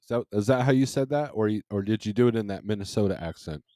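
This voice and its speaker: A man with a lowish, mellow voice hosts a casual livestream from home, talking quickly into a desk microphone as he rambles easily and chuckles often. The recording is studio quality with no room sound.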